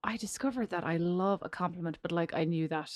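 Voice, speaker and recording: A woman's voice: fairly low pitch, a little fast, no echo. Irish woman, thirties, chatty podcast co-host, self-mocking, dry close sound. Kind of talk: casual chat between sisters.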